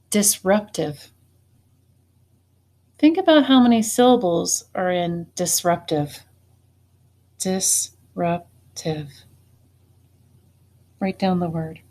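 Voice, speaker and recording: Slow, deliberate woman giving spelling dictation. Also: medium pitch, a little mellow. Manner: slow, deliberate, repeats each word. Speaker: teacher.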